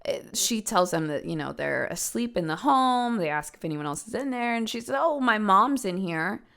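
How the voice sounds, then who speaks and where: Young woman host, chatty true-crime storyteller, punchy and emphatic, average pitch. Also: brisk, gravelly, clean tone. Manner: animated, emphatic, swears for emphasis. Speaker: podcast host.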